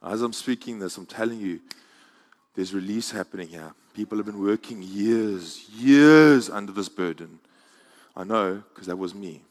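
A man preaching a sermon in a church, moving from quiet, intimate passages to loud, soaring climaxes. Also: lowish voice, normal speed. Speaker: pastor.

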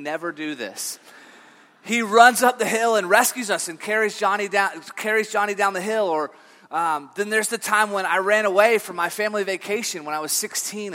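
A man's voice: high voice, pushed and bright, in a large hall. A man giving a sermon as pastor, telling stories in a loose, conversational way with many fillers and restarts. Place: church sanctuary.

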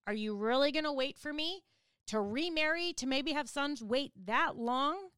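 A woman's voice: high voice, moderate pace, fairly bright tone, no echo, clean studio sound, voice pushed up. A woman voicing a bitter pleading old widow. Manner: emphatic, pleading. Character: bitter grieving older widow pleading with her daughters-in-law.

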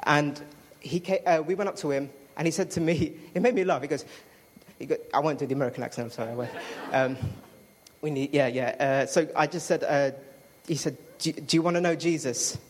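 A man's voice: fairly high pitch, fairly even intonation, fairly quick, slight background noise. Man sharing his faith story. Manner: chatty storytelling with fillers and self-interrupting apologies. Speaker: speaker giving testimony. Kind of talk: personal testimony to a congregation.

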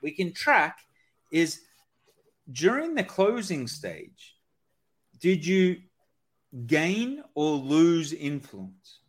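A man speaking as a sales expert guest in a conversational podcast, energetic and acting out sales-call dialogue. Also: on the high side, very slow, pauses often.

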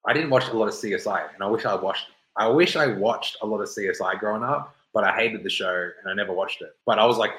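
A man in his thirties tells a personal story with a rambling, animated flow. He swears freely and slips into acted-out quotes. His voice sits a bit low and carries a roomy echo. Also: fast, hardly any pauses. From Melbourne, Australia.

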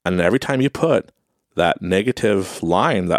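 A young man hosting a podcast, giving an earnest, repetitive motivational talk and sometimes mimicking other people in high voices. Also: animated, normal speed, no room sound, studio quality. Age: young adult. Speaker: podcast host.

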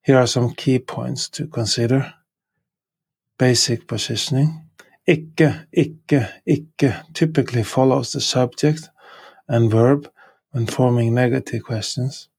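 A man teaching a podcast language lesson with a Norwegian accent, slowly repeating each example word and sentence three times. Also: mid-range voice, steady tone, vocal fry, darkish tone, husky.

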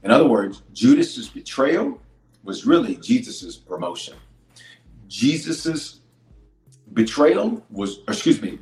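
A man preaching a sermon as a bishop, swinging from loud declarations to hushed lines and repeating phrases for emphasis. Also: fairly low pitch, reverberant, poor audio.

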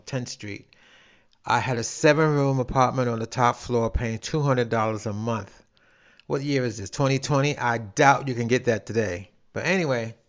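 An older man from New York tells a personal story in a rambling, casual way, with restarts and dialect grammar. His voice is mid-range, and the recording quality is low.

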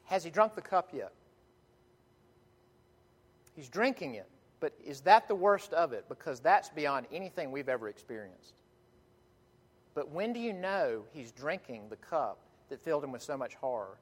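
A man preaching a sermon in earnest, emphatic tones, with dramatic pauses and frequent restarts, in a church sanctuary. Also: on the high side, sing-song. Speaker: pastor. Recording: long hall reverb.

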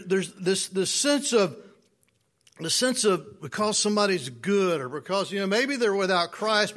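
The high-pitched, fairly bright voice belongs to a man preaching an informal sermon. As a pastor, he lingers on key words, makes playful side remarks, and regularly checks in with the congregation.

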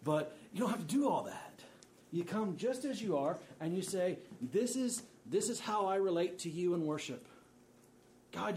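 A man's voice: fairly high pitch, a little mellow, a little hiss or hum. Joking, conversational male preacher. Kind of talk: sermon.

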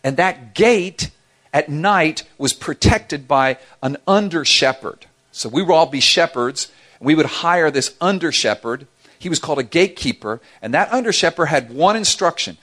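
Animated man preaching a sermon. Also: fairly high pitch, normal speed. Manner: animated storytelling with playful asides. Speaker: pastor.

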